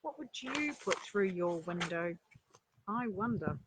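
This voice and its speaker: A woman reading a children's story aloud, breaking off for chatty asides and rhetorical questions to her listeners, with a breathy voice. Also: mid-range voice, lively intonation, slow, background noise. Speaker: storyteller and life coach.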